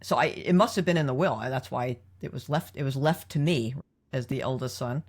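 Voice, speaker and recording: A woman's voice: extremely low pitch, a little fast. Woman host comparing episodes on a podcast. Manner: analytical, leads the discussion with questions. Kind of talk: casual podcast discussion.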